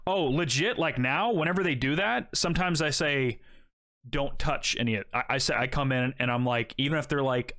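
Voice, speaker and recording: A man's voice: medium pitch, a little fast. A man on a casual podcast, telling a story with lots of swearing and acting out both sides of the dialogue. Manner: animated, profane, acts out both sides of dialogue. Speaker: podcast co-host.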